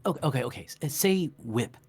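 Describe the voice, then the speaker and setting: Man playing talking cartoon dog, adult male, baffled, exasperated, lively pitch. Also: fast, slightly rough, faint music behind.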